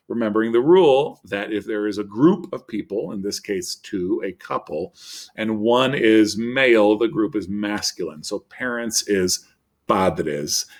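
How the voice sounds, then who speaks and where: Male teacher, lower register, upbeat explainer, reads vocabulary lists slowly for a recorded lesson. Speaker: Spanish teacher.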